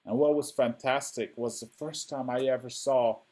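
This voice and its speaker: A man's voice: mid-range voice, steady tone, moderate pace, dark tone. A man who is an actor and director, chatting as a podcast guest, enthusiastic and often asking "right?". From Canada. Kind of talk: casual chat.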